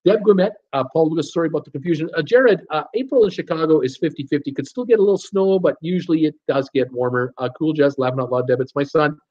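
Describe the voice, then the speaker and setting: A man's voice: a little high, fast talker, hardly any pauses, a little mellow, dull audio. A man hosting a live stream, casually reading out viewer names and comments and stumbling over some of them. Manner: casual, chatty, laughs easily. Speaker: host reading live chat.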